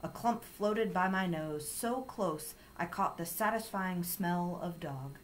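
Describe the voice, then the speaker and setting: Low-voiced woman reading a storybook. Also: slow, slight background noise, rough recording. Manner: calm, steady storytelling. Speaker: story reader. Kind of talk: reading a children's chapter book aloud.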